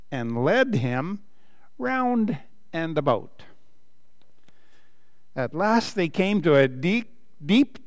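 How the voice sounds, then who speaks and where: A man, a pastor, reading a children's story aloud during a sermon, animated and playful with laughing asides. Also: on the high side, big-room sound.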